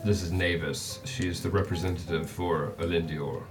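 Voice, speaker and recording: A man's voice: sits low, steady tone, normal speed. Casual male game master, off-mic. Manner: casual, hesitant, sweary. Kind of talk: narrating a tabletop game. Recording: distant mic with faint music.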